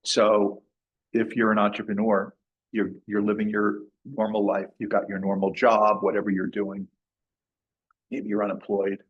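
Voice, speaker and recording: A man's voice: lowish voice, monotone, normal speed, muffled recording. A man lecturing a class in a casual way, often restarting and repeating his words. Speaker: masterclass lecturer.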